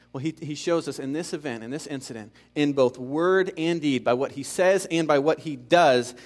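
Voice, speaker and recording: Emphatic preaching man, fairly high voice. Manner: builds to emphatic passages, then drops quiet; repeats key phrases for emphasis. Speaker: pastor. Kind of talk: sermon.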